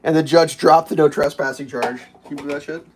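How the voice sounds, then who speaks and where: A man's voice: a little high, fairly even intonation, fast talker, heavy background noise. A man hosting a livestream, rambling and swearing through a laughing story while he makes breakfast. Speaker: livestream host. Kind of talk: casual storytelling while cooking.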